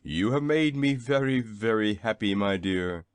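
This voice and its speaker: A man's voice: mid-range voice, huge pitch swings, measured pace, dry recording, voice pushed up. A man voicing a very old, polite male inventor in a storybook reading, with a courtly, eager manner.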